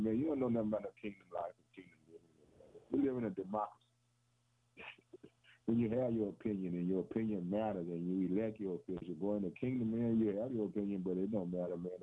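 Over a tinny, phone-like radio broadcast, a man of medium pitch preaches a sermon in a rhythmic, repetitive style. He often calls his listeners "boy" and "man" and chuckles between phrases.

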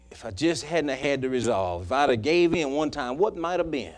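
A man preaching a sermon, telling a personal story in a folksy way that swings from loud to hushed. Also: mid-range voice, expressive, fairly quick, few pauses. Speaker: pastor.

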